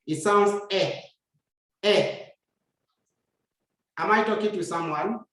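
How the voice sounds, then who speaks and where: Slow-talking woman teacher in an echoey room. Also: fairly low pitch. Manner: slow and patient, repeats words for practice. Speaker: French teacher. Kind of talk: classroom lesson. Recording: very echoey room, far from mic.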